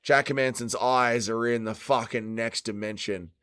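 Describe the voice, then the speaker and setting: A man's voice: medium pitch, steady tone, a little slow, a bit bright, smooth, dry recording, clean studio sound. A man hosting a fight watch-along stream, swearing a lot and bantering with his chat. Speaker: livestream host.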